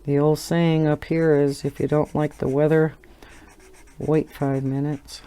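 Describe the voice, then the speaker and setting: Middle-aged woman from Wisconsin with a local accent, relaxed drawn-out chat, soft mellow voice, laughs easily. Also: low voice, clean tone. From Wisconsin, USA. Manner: chatty, rambling, laughs often. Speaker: coloring channel host. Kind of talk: casual chat while coloring.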